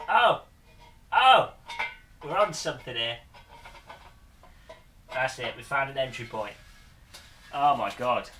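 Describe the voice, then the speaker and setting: A man's voice: mid-range voice, unhurried, long pauses, pushed and bright, reverberant, slight background noise. A man streaming live, chatting casually in a bemused, rambling way and laughing often.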